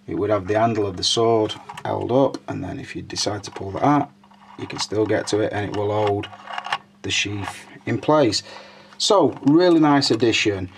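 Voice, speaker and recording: A man's voice: fairly low pitch, slight background noise. A man giving a casual, chatty walkthrough of a collectible figure, with frequent "uh" fillers. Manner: chatty, informal, hesitant with fillers. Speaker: toy reviewer.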